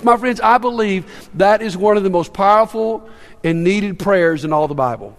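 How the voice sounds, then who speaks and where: A man's voice: high-pitched, expressive, fast. A man preaching a sermon to an audience, earnest and often repeating his words as he goes. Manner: earnest, with stammered repetitions. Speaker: pastor. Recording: long reverb in a large hall.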